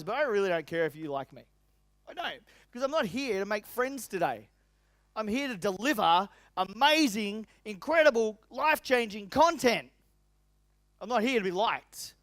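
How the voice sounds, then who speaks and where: Middle-aged business coach guy pumping up a seminar crowd, high voice, dry close sound. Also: dry recording. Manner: energetic, emphatic, addresses audience directly. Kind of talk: motivational seminar talk. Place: seminar venue.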